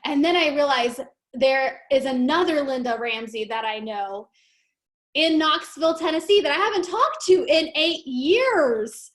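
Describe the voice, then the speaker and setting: High-pitched lady hosting a video call, chatty and laughing as she tells a story. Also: unhurried. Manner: chatty, laughing, animated retelling. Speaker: meeting host. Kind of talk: casual storytelling on a group call.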